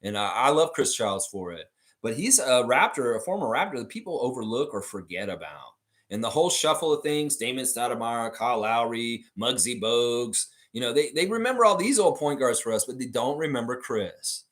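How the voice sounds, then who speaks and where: A man hosts a live fan stream and chats loosely through viewer comments. His voice is middle-pitched, but he swings it way up when he mocks people. He talks in an animated, loose way and swears a lot. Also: fairly quick. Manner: animated, swings high when mocking others, swears freely.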